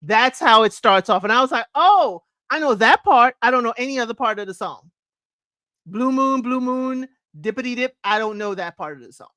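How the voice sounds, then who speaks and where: Woman host, chatty and laughing, higher voice, dry close mic. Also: expressive, a little fast, hardly any pauses, bright, forceful tone, dry recording. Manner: chatty, laughing, half-sings song lines. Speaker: podcast host. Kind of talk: casual chat reviewing old chart songs.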